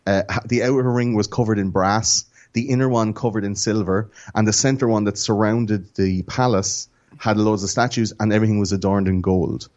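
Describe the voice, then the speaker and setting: A man's voice: on the low side, fairly even intonation, normal speed, a little mellow, muffled recording. An Irish man, a podcast guest, chatting casually and telling stories in an enthusiastic, rambling way. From Ireland. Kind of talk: casual chat.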